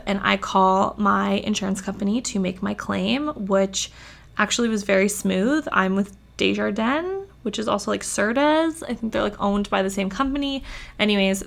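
A woman's voice: medium pitch, vocal fry. A woman vlogger telling a personal story in a chatty, casual way, with lots of "like". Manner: chatty, uses "like" a lot.

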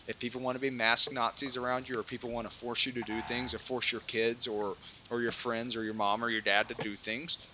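A man's voice: medium pitch, sharp tone, a little hiss or hum. A man co-hosting a political podcast, ranting heatedly with many repeats and restarts. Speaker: podcast co-host.

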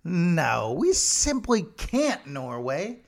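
A man's voice: a little high, huge pitch swings, extremely slow, vocal fry, voice pushed up, heavily acted. A man voicing fussy, overly polite British officials personified as a nation, stammering and flustered. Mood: politely flustered.

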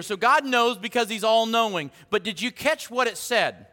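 A man pastor delivers a lively sermon and teases his congregation. His voice is high and bright. The church hall adds a long reverb. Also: moderate pace, few pauses. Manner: lively, joking with the congregation, repeats words.

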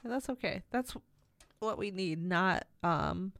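A woman's voice: medium pitch, expressive, unhurried, vocal fry, a bit bright, dry recording, clean studio sound. A young woman co-hosting a podcast, chatting casually and rambling, with frequent laughs. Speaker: podcast co-host. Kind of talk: casual chat.

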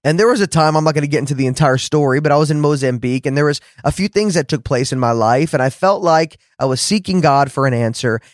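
An earnest man teaches on a faith podcast, talking to his listeners in a conversational way. His voice sits a bit high for a man, and he acts out his own past words with lively jumps. The sound is dry and close, with no room echo. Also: fast talker, few pauses. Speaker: podcast host and preacher.

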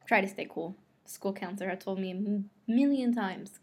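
A woman's voice: medium pitch, fairly quick, hardly any pauses, slightly rough. Woman reading a novel aloud. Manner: expressive first-person reading, rereads lines after slips. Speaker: audiobook reader.

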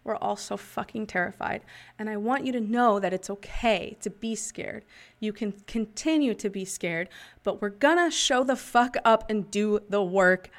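A woman's voice: medium pitch, normal speed. A woman in her thirties hosting a casual podcast, talking candidly with frequent swearing and laughter, and guiding listeners through breathing exercises. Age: 30s. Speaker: podcast host and life coach. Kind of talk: casual confessional podcast talk.

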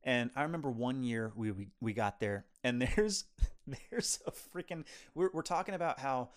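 On a film review podcast, a male co-host with a medium-pitched voice at a normal speed chats casually. He is lively and talkative and rambles from one anecdote to the next.

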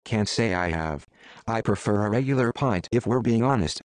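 A man's voice: lowish voice, animated, moderate pace, no room sound, lightly acted. A man voicing a sarcastic, teasing young man while reading a story aloud. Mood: blunt. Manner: sarcastic, dry.

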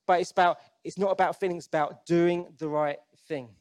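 A brisk preacher whose high-sitting voice is steady and darkish gives a sermon in an earnest, conversational manner. He keeps restarting sentences and asks the congregation direct questions.

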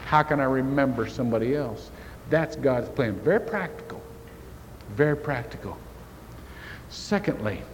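A man preaching a sermon as pastor, telling a folksy story to make his point. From Indiana. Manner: folksy storytelling with lively shifts in pitch. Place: church sanctuary. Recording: church hall reverb, faint hiss.

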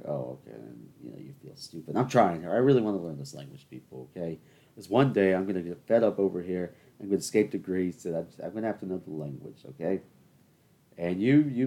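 A young man with a deep, low voice rants on his own show. He rambles through stories, stops to talk straight to his listeners, and keeps a loose, joking tone. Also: mellow, husky. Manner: chatty, rambling, addresses listeners as people. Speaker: podcast host. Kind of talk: solo comedic rant.

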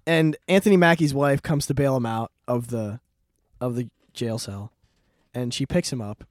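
A man's voice: medium pitch, moderate pace, dry recording, clean studio sound. A man casually retelling a plot in a rambling way, laughing often and swearing freely. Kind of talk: casual chat.

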